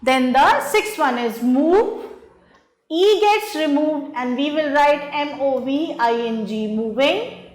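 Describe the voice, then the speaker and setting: A woman's voice: high voice, animated, slow pace. A woman teacher, patiently walking through a grammar exercise and spelling words letter by letter. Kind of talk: slow spelled-out grammar lesson. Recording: echoey room.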